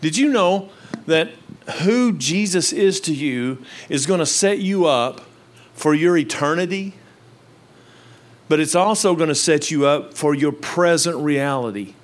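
An older man preaching a sermon to his congregation on a handheld microphone. He swings from low, quiet asides to loud, emphatic lines. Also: animated, unhurried. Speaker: pastor. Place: church with live congregation.

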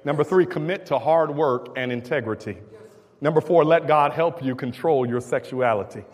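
Man, preacher, sermon, slightly high voice, call and response, long hall reverb. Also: normal speed.

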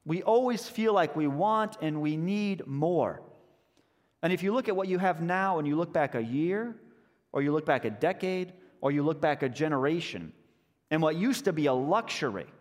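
A man's voice: fairly high pitch, expressive. Conversational male pastor preaching. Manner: conversational, storytelling, slows for emphasis. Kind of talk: sermon. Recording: long church reverb.

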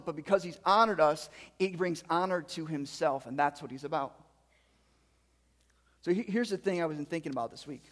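High-voiced man preaching in a hall. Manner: reads scripture then preaches with rising emphatic repetition. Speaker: pastor. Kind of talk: sermon. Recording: long hall reverb.

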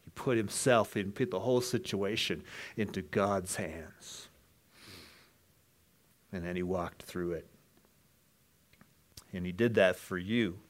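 A man preaching an earnest sermon, dropping to hushed lines and then rising to loud, emphatic ones. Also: deep voice, slow, long pauses. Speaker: pastor.

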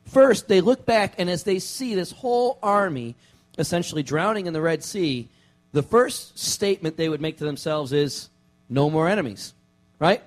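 A man, a pastor, preaching a casual sermon to his church, relaxed and joking, with many fillers and restarts. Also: high-pitched, moderate pace. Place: church sanctuary.

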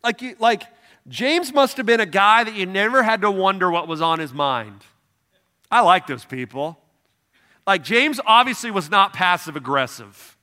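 A man's voice: high voice, expressive, normal speed, bright, forceful tone. A man preaching a sermon as pastor, conversational and emphatic, asking his congregation questions. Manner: emphatic, repeats "no, no, no".

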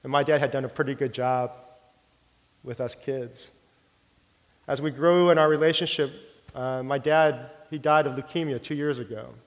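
Middle-aged male pastor, earnest storyteller, mid-pitched, big church reverb. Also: steady tone, normal speed, pauses often. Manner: earnest storytelling, drops soft for quoted prayer. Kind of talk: sermon with personal testimony. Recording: long hall reverb.

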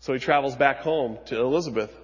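A husky-voiced man preaches to his congregation, his delivery swinging between hushed reflection and forceful emphasis. The sound is dull and slightly muffled, with a long reverb tail from a large church room. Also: medium pitch, brisk. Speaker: pastor. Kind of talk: sermon.

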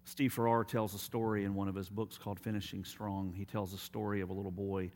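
A man preaching a sermon as pastor, telling stories and dropping to quiet, emphatic appeals. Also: on the low side, level tone, brisk.

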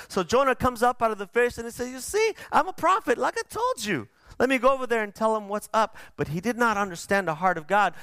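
A man's voice: a little high, fairly bright tone, clear, resonant tone, dry recording, clean studio sound. A man preaching a sermon, conversational and emphatic, with frequent restarts.

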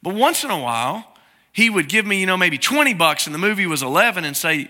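Middle-aged male pastor, conversational sermon, bright voice that sits high for a man. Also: sing-song, fast talker. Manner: conversational preaching, acts out quoted prayers in a soft low voice.

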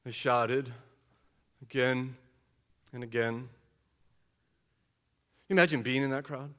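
Man preaching a sermon, bright voice, rhetorical questions, echoey church. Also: steady tone, slow. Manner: rhetorical questions, drops low and quiet for emphasis. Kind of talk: expository sermon. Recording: long hall reverb.

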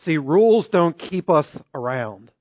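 A man preaching a sermon as pastor, telling a story in a conversational, animated way. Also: fairly high pitch, measured pace, no echo. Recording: dry, slightly dull recording.

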